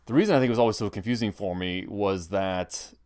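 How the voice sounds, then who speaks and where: A man's voice: on the low side, quick pace, darkish tone, clean tone. A man giving casual commentary on a history film, thinking aloud with frequent restarts. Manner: thinking aloud, many restarts and hedging fillers.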